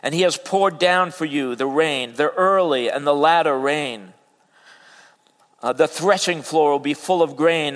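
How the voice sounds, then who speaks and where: A man preaching in a church hall with a long, ringing reverb. His fairly high voice climbs to loud, insistent peaks, then sinks to hushed, almost whispered lines. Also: moderate pace. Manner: builds to loud, high emphatic peaks, then drops to soft near-whispers. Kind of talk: sermon.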